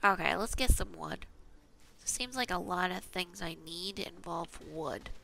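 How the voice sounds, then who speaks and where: A woman's voice: fairly low pitch, a little slow, gravelly, a bit bright, a little hiss or hum. A woman casually talking to herself as she plays a video game, chatty and self-mocking. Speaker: gaming channel host. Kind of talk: casual gameplay commentary.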